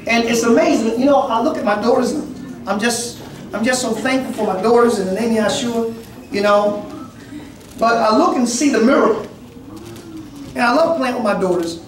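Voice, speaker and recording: A man in his forties preaching a sermon as pastor, with impassioned shouted peaks and laughter, calling out to the congregation. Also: very high-pitched, moderate pace, long pauses, slight background noise. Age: 40s. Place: church. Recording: echoey church from a distant mic, congregation audible. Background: congregation responding.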